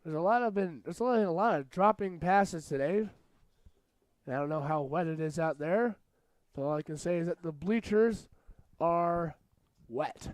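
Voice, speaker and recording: A young man calls a school rugby match in a relaxed, joking play-by-play. His voice is smooth and clear and sits a little high, and it is recorded close and dry. He chats between plays and yells out when something big happens. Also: moderate pace, no room sound. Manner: jokey, chatty, bursts into shouts at big plays. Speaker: match commentator. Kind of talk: casual play-by-play commentary.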